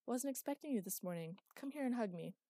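A woman's voice: on the high side, expressive, fast, warm tone, dry recording, voice pushed up. A woman voicing a weary middle-aged father with dry, self-mocking humor, wry and grumbling. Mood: wry teasing.

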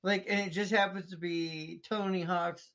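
A man's voice: high voice, steady tone, moderate pace, fairly bright tone. A man co-hosting a podcast, chatting casually, joking and swearing freely. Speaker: podcast co-host. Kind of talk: casual chat.

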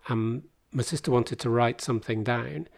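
A man's voice: mid-range voice, fairly even intonation, moderate pace, gravelly, a little mellow, dry recording. A man in his fifties, a podcast guest telling a long, rambling story with dry humour. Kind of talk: casual conversation.

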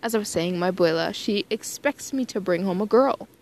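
A woman's voice: mid-range voice, brisk, a little mellow, lightly acted. A woman reading a flustered young man. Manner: hesitant, rambling.

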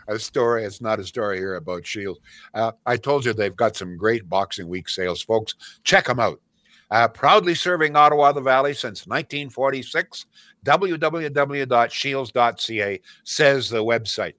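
A man's voice: medium pitch, pushed and bright, no room sound. An older man, a radio host telling rambling family stories and reading a live ad. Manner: rambling storyteller, laughs at own stories. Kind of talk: casual radio chat and live ad read.

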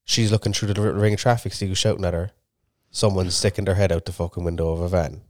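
A man's voice: low-pitched, steady tone, fast, darkish tone, no echo. A man, co-hosting a podcast and telling a long sweary story in casual chat. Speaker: podcast co-host.

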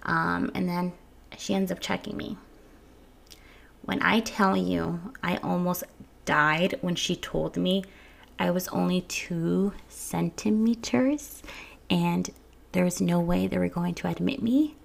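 Speaking slowly in a low, steady, gravelly voice, a young woman shares a personal story with her viewers from home early in the morning. She's candid and frank, swearing freely, often restarting her sentences and laughing softly.

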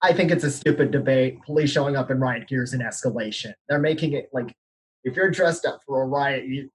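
Young male podcast panelist from Arizona, husky, candid and casual. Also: medium pitch, a little fast, low-quality recording. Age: young adult. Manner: candid, laughs nervously at grim news. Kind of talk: casual discussion.

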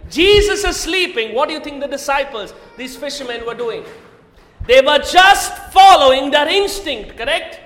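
A man's voice: very high-pitched, lively intonation, moderate pace, fairly bright tone. A man preaching a sermon, asking the congregation questions and often raising his voice for emphasis. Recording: echoey hall.

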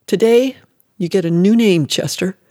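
A man voicing a cruel, angry mother who barks harsh commands in a loud, raised voice. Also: high-pitched, measured pace, no room sound, clean studio sound. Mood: harsh commanding.

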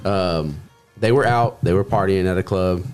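A young man from Grand Prairie, Texas, tells a rowdy story in casual chat, rambling, swearing freely and acting out what people said. His voice is low and a little mellow at a moderate pace, with soft background music behind him.

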